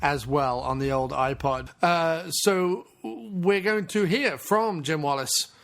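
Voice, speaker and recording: A man hosts a podcast in an enthusiastic, casual way, leaning on fillers as he talks. His voice sits a bit higher than most men's. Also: takes it slowly, vocal fry, fairly bright tone. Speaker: podcast host.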